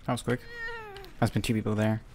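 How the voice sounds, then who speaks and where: A young man giving chatty, casual commentary while playing a video game, talking to himself and sometimes breaking into excited yells. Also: fairly low pitch, fairly quick, noisy background. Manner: chatty, self-talking, bursts into excited yelling. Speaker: gaming YouTuber.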